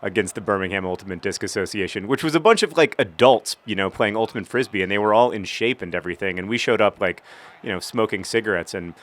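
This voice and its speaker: A man's voice: on the low side, quick pace, a bit bright. A man in his thirties giving rambling, self-deprecating commentary while playing a soccer video game and cheering on his team. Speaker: gaming video host.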